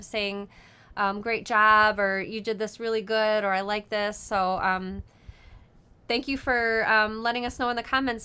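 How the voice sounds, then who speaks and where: Bright, clear-voiced woman chatting casually. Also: mid-range voice. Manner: chatty, frequent ums, laughs easily. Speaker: host of a sewing live show. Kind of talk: casual live-stream chat.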